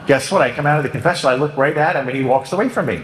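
A man, a priest, giving a conversational sermon with jokes, acting out confessions in a lively way. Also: mid-range voice, very fast, slight background noise. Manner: conversational, joking, acts out penitents and himself. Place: church. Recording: echoey church with long reverb.

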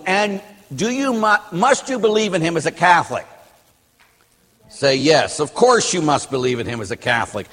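A man, a Catholic priest, giving an informal sermon in a church, lively and acting out the people he quotes. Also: a little high, breathy edge, long reverb tail. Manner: animated, acts out quotes with voices. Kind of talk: casual sermon.

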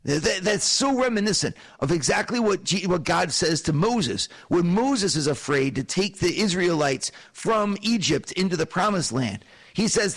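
A man with a notably high voice teaches from scripture in an animated, storytelling way. He paints the scene for his listeners and keeps asking them rhetorical questions. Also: moderate pace. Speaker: preacher. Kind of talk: sermon-style Bible teaching.

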